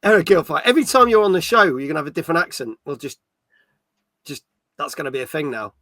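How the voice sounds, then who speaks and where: Bright high-voiced man hosting a chatty show. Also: animated, fast, dry recording, studio quality. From Yorkshire, England. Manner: laughs easily, reads chat aloud. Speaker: podcast host. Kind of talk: casual chat, reading viewer comments.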